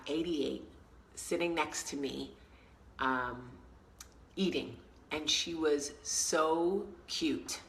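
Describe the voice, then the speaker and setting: This is a woman telling a story in a casual vlog, her voice sitting low in pitch. Her tone is bright and forceful, and she acts out the people in her story as she goes. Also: a little hiss or hum, poor audio. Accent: New York. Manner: chatty, animated storyteller who acts out quotes. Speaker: vlog host.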